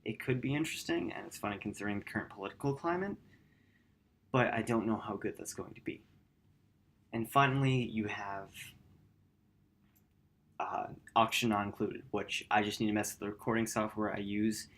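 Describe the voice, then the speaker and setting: Gaming youtuber guy, lowish voice, rambly late night vlog, keeps fixing what he says. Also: moderate pace, long pauses. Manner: rambling, self-correcting; quiet, low-key. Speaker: gaming channel host.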